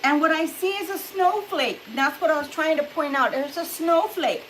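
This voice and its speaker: A woman's voice: high voice, moderate pace, a bit bright, slight background noise. A middle-aged woman giving a casual tarot reading to camera. She is chatty, laughs often and acts out little reactions, a little distant from the camera at home. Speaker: tarot reader.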